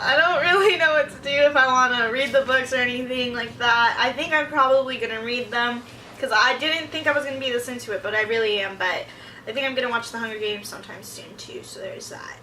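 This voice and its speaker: A bright, forceful young woman chatters through a rambling vlog, her voice sitting a little high. She tells her stories excitably and acts out her own reactions. She sits back from the mic in a roomy, echoing space. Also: fast, slight background noise. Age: young adult. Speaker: vlogger. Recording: echoey room, mic at a distance.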